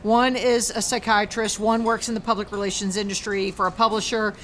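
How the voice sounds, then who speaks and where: A woman hosting a casual chat, lively and excitable, with quick asides. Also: mid-range voice, a little hiss or hum. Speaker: host.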